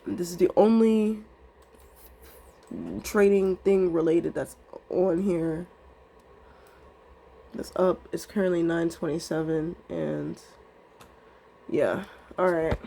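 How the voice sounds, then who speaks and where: A woman's voice: on the low side, fairly even intonation, slow, gravelly, pauses often, warm tone. Emotional, rambling young woman trader. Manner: emotional, rambling, swears casually. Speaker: day trader vlogging. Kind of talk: candid emotional vlog monologue.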